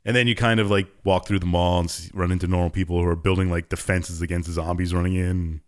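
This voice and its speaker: A man's voice: sits low, level tone, fast. A man co-hosting a podcast, casually retelling a game's story in a laid-back way. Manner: laid-back storytelling, acts out characters briefly. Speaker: podcast co-host recapping a game. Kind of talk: casual chat.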